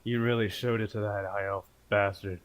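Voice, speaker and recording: A man doing a gruff, crude dwarf warrior. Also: on the low side, steady tone, moderate pace, no echo, close to an everyday voice. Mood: gloating. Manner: blunt, swaggering, profane.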